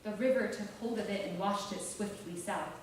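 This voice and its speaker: A woman giving a measured, deliberate literary reading of a novel. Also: medium pitch. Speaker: author reading her novel. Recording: roomy, distant, faint hiss.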